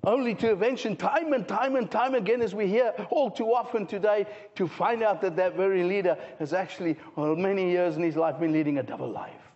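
A man preaching a sermon, swinging between loud exclaiming and hushed, slow intensity. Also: sits high. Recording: muffled sound with long hall reverb.

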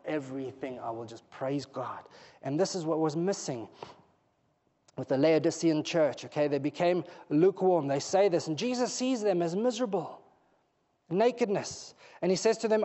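Male preacher, high pitch, emphatic sermon delivery, long hall reverb. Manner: emphatic, rising to loud pleading peaks. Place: church hall.

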